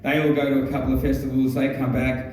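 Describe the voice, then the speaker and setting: An Australian man telling a rambling stand-up story, stumbling through ums and restarts and swearing as he goes. His voice is mellow and of middling pitch. He is picked up from a distance in a very echoey venue. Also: completely flat delivery. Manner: halting, many ums and restarts, swears freely. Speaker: stand-up comedian. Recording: very echoey room, mic far off.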